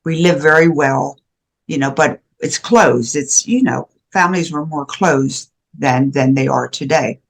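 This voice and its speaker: An older American woman with a low, husky voice speaks at a measured pace as a guest educator on shame and guilt. In this conversational interview she's earnest and emphatic, often restarting her sentences.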